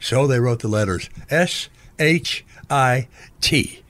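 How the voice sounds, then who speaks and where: A man's voice: medium pitch, takes it slowly, fairly bright tone, no room sound. An older man, a book author as guest, talking in a playful, theatrical, rambling way. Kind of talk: rambling interview talk.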